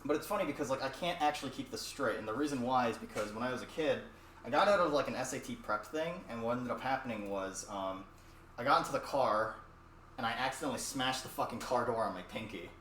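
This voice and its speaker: A man's voice: medium pitch, fast, a bit bright. Rambling, profane young man off-mic. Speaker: streamer. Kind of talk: casual cooking stream chat. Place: home kitchen. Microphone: distant mic. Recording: echoey room, distant mic, faint noise.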